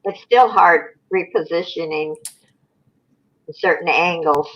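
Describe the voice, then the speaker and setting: A woman's voice: on the low side, slow, lo-fi sound. A woman in her seventies chatting as a guest on a livestream over a phone video call, giving brief, agreeable replies. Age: 70s. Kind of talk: casual livestream chat.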